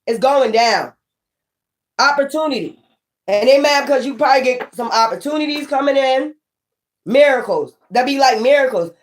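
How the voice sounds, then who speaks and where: A woman tarot reader gives viewers a casual reading, emphatic and rambling, swearing freely as she swings from near-shouts to low muttering.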